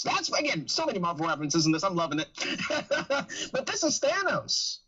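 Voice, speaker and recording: A man hosting a podcast, chatting casually and joking loudly with friends. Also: high voice, normal speed, slightly rough. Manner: animated, loud and joking. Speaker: podcast host. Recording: dull lo-fi sound.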